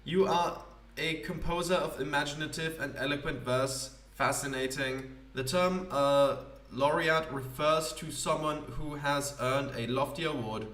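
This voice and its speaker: A man voicing a polite, earnest male automaton in a formal, measured way. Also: on the high side, fairly bright tone, reverberant, far from the mic. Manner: formal, measured, plain delivery.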